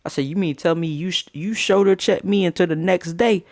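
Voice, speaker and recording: A young man tells a story on a live stream from his phone, his voice sitting a little high. He talks casually and swears freely. He acts out what everyone said. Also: fairly quick. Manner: animated, profane, acts out what people said. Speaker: livestreamer telling a story.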